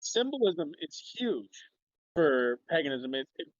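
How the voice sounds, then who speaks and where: A man's voice: fairly high pitch, very animated, measured pace, dry recording. Minnesotan man on a muffled call. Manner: loose, profane, rambling. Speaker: guest. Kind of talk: casual livestream discussion.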